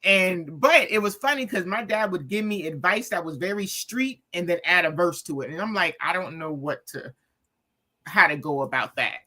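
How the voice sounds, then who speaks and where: A woman's voice: on the low side, moderate pace. A woman, an author guest, telling family stories in casual chat and acting out the quotes. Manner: animated storyteller, acts out quotes.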